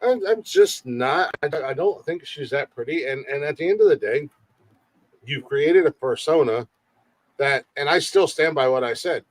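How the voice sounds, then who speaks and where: A man's voice: on the high side, expressive, moderate pace, no room sound. A man co-hosting a comedy podcast livestream, chatting casually, rambling and joking with frequent laughs. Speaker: podcast co-host. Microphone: livestream mic.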